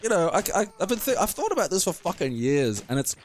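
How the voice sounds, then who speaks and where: A young Australian man with a high, sing-song voice talks fast as he spins a rambling, profane anecdote while playing a game. He laughs often, keeping it loose like casual let's-play storytelling.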